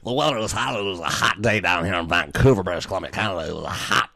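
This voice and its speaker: A man co-hosting an improvised comedy bit with goofy, deadpan silliness. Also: low-pitched, racing, vocal fry, dry recording, clean studio sound. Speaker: comedy show co-host.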